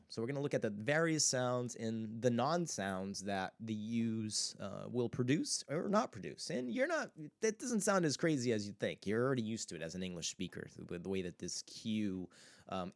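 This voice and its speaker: Low-voiced man teaching a language lesson. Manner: repeats example words slowly, relaxed filler-heavy explaining. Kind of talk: casual spoken language lesson.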